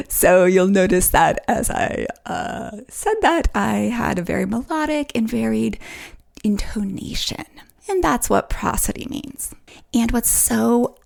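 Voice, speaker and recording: A woman hosting a solo podcast, talking in a melodic, playful way that swoops up in pitch to make her points. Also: creaky, a little mellow. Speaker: podcast host.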